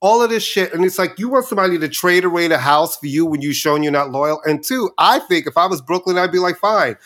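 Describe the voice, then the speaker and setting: A man co-hosting a podcast, chatting casually and ranting in a campy, animated way. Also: fairly high pitch, fast talker. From New York. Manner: animated, campy, rants about sports. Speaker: podcast co-host. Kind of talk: casual chat.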